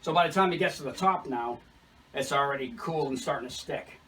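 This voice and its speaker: A man working as a chimney sweep, chatting casually and telling animated anecdotes while he explains the job, recorded from a distance with outdoor noise behind. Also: mid-range voice, brisk.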